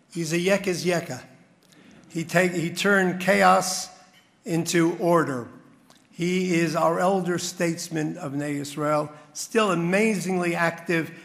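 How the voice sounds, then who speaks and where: A man's voice: high voice, steady tone, takes it slowly, creaky, a bit bright, in a large hall. A man speaking as master of ceremonies at a community dinner, telling stories and rousing the crowd. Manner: storytelling with crowd-rousing build-ups. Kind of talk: after-dinner speech.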